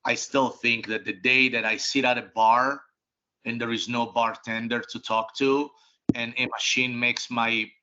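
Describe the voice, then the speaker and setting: A middle-aged man speaks bluntly and emphatically, often restarting his sentences and dropping casual swear words. His voice is bright and pushes forward. The recording sounds dull and lo-fi. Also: medium pitch, little pitch movement, unhurried, slight background noise. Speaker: restaurant group CEO, interview guest. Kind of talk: casual interview answers. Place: home office.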